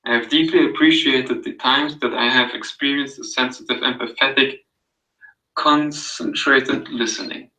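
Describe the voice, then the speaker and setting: A man with an accent reading a reflective passage aloud as a guest on a call-in show, in a slow, soothing voice. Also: mid-range voice, steady tone, bright, forceful tone, reverberant, distant mic, rough recording. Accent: non-native English.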